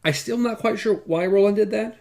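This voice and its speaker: A man's voice: sits high, a little fast, creaky. A man co-hosting a podcast who reads a novel aloud and cracks wry jokes between passages. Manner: wry, joking, lively delivery. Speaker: podcast co-host. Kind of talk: casual book discussion and reading aloud.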